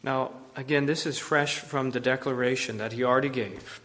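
Earnest preacher in a reverberant hall. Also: male voice, moderate pace, hardly any pauses. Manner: earnest, swings between loud emphasis and hushed low phrases. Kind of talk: sermon.

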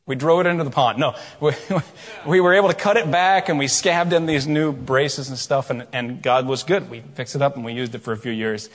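A middle-aged man preaching a sermon, telling a story with quiet asides and loud, rising questions. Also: medium pitch, a little fast. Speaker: pastor. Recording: long hall reverb.

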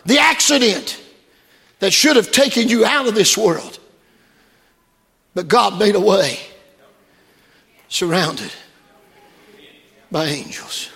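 High gravelly-voiced preacher guy, bright edge, church hall echo, goes from hushed to shouting. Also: animated, unhurried, pauses often. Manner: preaching that swings from hushed storytelling to shouted climaxes. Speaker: pastor. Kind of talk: sermon. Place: church sanctuary.

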